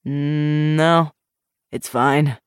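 A woman's voice: low voice, steady tone, very slow, smooth, no room sound, studio quality. Woman voicing a rambling drunk man. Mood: drunk, pleading. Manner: slurred, loose, rambling.

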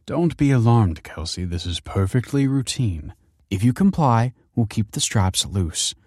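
A man's voice: mid-range voice, lively intonation, unhurried, a little mellow, dry recording, studio quality. A man reading a story aloud and voicing a stern woman school principal who speaks in a formal, officious way.

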